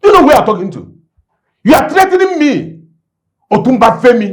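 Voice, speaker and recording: An actor with a Yoruba Nigerian accent playing a domineering, scheming middle-aged father who shouts at his daughter. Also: very high-pitched, very animated, a little fast. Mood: furious. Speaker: fraudster father. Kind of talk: Nollywood film acting.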